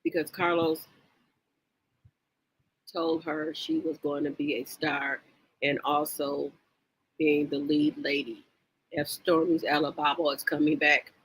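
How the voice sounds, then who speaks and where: A woman hosting a casual livestream, reading viewer comments aloud and gossiping about reality TV in an animated, repetitive, exclamatory way. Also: low voice, takes it slowly, long pauses, slight background noise, poor audio. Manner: animated, exclaims and repeats herself, reads chat comments aloud.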